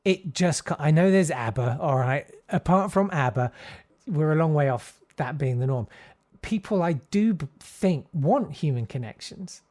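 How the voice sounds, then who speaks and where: A man's voice: fairly high pitch, normal speed, hardly any pauses. Posh-sounding friendly man from Southeast London. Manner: posh-sounding, self-deprecating, animated storytelling. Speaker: guest comedian. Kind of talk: casual interview chat.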